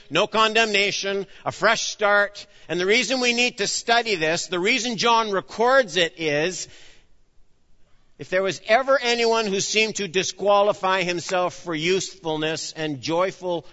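Man, preacher, sermon, bright forceful voice, acts out dialogue, swings loud to hushed, long hall echo, dull sound. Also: sits high. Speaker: pastor.

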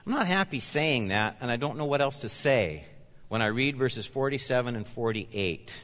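A man from Canada preaching a sermon as a pastor, swinging between loud urgent emphasis and quiet asides. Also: medium pitch, lively intonation, moderate pace. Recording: dull sound with long reverb in a large hall.

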